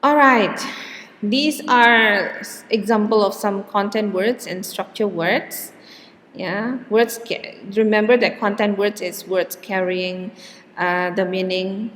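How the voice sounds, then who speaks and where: Female teacher, slow and careful delivery, slight room echo, faint hiss. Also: medium pitch, fairly even intonation, fairly bright tone. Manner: slow, deliberate example sentences with hesitant fillers. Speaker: English teacher. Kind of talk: recorded classroom lesson.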